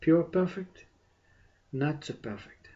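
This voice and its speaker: A man giving a meditative spiritual talk, soft and unhurried, with long pauses and a repeated "you see". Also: on the high side, expressive, dull audio. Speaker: spiritual teacher.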